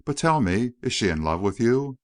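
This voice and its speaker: A man reading the part of a poised, sharp-tongued young society woman, voice lifted a little higher. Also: sing-song, normal speed, natural voice.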